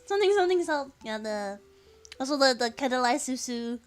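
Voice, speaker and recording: Giggly high-voiced Californian woman. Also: lively intonation, fairly quick, faint music behind. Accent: Californian American. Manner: giggly, chatty, says "like" often. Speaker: streamer. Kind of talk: casual live-stream chat, reading chat aloud.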